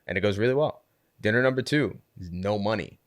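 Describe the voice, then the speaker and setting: A podcast guest who co-founded a community tells a story in a relaxed conversation, his voice on the low side and a little fast. He's an animated storyteller who leans heavily on "like" and acts out what people said. The sound is clean studio quality with no echo.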